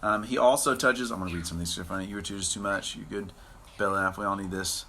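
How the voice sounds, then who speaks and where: A man's voice: fairly low pitch, steady tone, fast talker, bright, forceful tone, slight background noise. A man co-hosting a live Bible study, talking in a playful, goofy, rambling way. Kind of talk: casual joking Bible talk.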